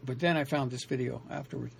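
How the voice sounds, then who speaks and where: A fast-talking man with a steady, creaky, mid-range voice addresses the camera by himself, with a little hiss or hum audible. As an independent writer and vlogger, he rambles, often corrects himself, and keeps restarting with many fillers.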